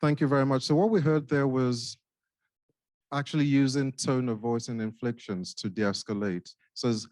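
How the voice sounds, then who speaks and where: A man's voice: mid-range voice, steady tone, normal speed, darkish tone, dry recording, clean studio sound. A man with a Nigerian accent, a psychiatrist leading a workshop, explaining points in a playful way. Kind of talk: workshop teaching.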